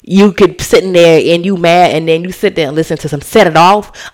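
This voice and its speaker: A woman hosting a casual solo podcast, animated and chatty, slipping into slang and cussing. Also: lowish voice, a little fast. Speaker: podcast host.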